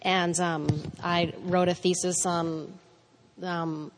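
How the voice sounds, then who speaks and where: A woman's voice: lowish voice, little pitch movement, slow pace, noisy background. A woman in her thirties talking casually about faith and parenting, rambling and self-deprecating, laughing often. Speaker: mother and speaker on parenting.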